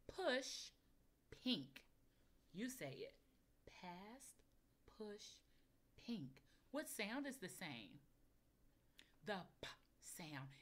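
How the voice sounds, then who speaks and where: Animated, slow-spoken kindergarten teacher woman. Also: fairly low pitch. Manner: encouraging, sounds words out slowly and clearly for young children. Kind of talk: recorded remote phonics lesson.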